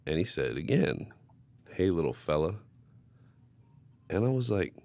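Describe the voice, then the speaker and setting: A man with an extremely deep, gravelly voice, swearing freely as he tells a story in casual podcast chat. The sound is dry and close. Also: unhurried, pauses often, no room sound. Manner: profane, animated storytelling. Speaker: podcast co-host.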